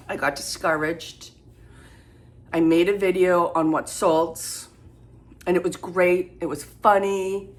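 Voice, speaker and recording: A middle-aged woman with a New lilt talks through her thrift finds from her kitchen, rambling, self-deprecating and chatty. Her speaking voice sits notably low for a woman, and she wanders from one aside to the next. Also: fairly even intonation, slow, long pauses. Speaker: thrift reseller vlogger. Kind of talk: casual haul vlog. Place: home kitchen.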